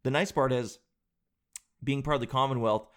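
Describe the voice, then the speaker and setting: A man from Canada chatting casually on a podcast in an animated, joking, slangy way. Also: medium pitch, normal speed. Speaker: podcast host.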